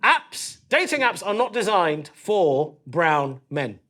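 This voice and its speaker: Cheeky forty-something comedian with a London accent. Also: male voice, high-pitched, sing-song, takes it slowly, pushed and bright. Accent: London English. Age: 40s. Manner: cheeky, conversational, punchy delivery. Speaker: stand-up comedian. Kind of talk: stand-up comedy set. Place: comedy club stage. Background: audience laughter.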